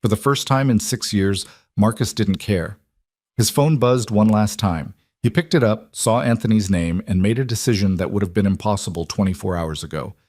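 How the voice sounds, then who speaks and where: A man narrating a romance story in a calm, steady scripted reading. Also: fairly low pitch, moderate pace, dry recording, clean studio sound.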